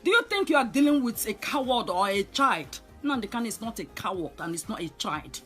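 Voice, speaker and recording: A Nigerian woman with a high-pitched voice rants angrily, scolding her target and hammering away with repeated rhetorical questions. Faint music plays quietly behind her. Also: big pitch swings, brisk. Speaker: online commentator. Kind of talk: angry direct-to-camera rant.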